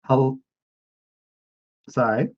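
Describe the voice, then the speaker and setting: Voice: mid-range voice, slow pace, a little mellow, muffled recording. A player introducing their tabletop game character in a joking, offhand way.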